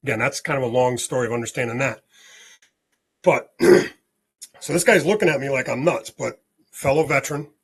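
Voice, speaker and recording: A man guest on a spiritual podcast, telling a story in an animated way and often checking in with "okay?". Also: mid-range voice, slightly rough.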